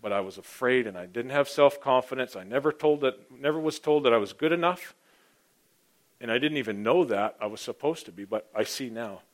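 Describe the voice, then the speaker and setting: A middle-aged man preaching a sermon, telling his own story and swinging from hushed asides to loud, emphatic points. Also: mid-range voice, expressive, a little fast. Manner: personal testimony, dynamic, swings from hushed to loud. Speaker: pastor.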